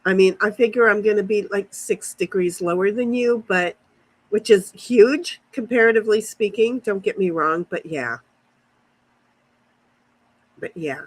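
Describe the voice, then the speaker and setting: Husky-voiced woman chatting on a livestream. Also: medium pitch, a little slow, long pauses, low-quality recording. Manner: rambling, answers live chat comments. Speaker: livestream host. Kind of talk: casual chat with viewers. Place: outdoors in a backyard. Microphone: phone.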